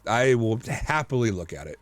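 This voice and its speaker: A man co-hosting a casual podcast chat, telling lively stories full of fillers and restarts. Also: fairly low pitch, normal speed, no room sound. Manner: animated storyteller, many fillers and restarts. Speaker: podcast co-host.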